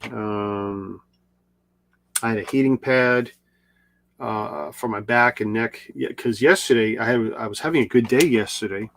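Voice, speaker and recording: Gravelly man telling a rambling story. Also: on the low side, unhurried, a bit bright, slight background noise. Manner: rambling, repeats and restarts. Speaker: video creator.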